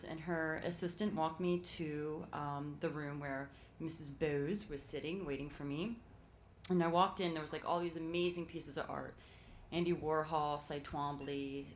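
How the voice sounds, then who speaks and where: A woman's voice: sits low, slight background noise. A young woman with a Philadelphia accent telling a personal story live on stage, chatty and filler-heavy. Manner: chatty, fast when nervous, lots of fillers.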